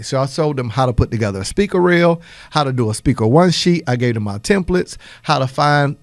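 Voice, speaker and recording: An energetic male podcast host talking business like a preacher, rising and dipping as he drives home his points and laughing between them. His voice is dry and close, with no room sound around it. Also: medium pitch, no echo. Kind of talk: motivational business talk.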